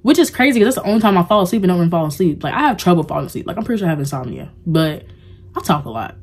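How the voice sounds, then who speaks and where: A young woman speaks to her camera in a loose, confessional vlog. Her voice sits low for a woman. She rambles warmly, circling back with filler words as she opens up. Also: very animated, rapid-fire, slight background noise. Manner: rambling and heartfelt, heavy use of "like". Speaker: vlogger. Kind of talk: casual confessional vlog talk.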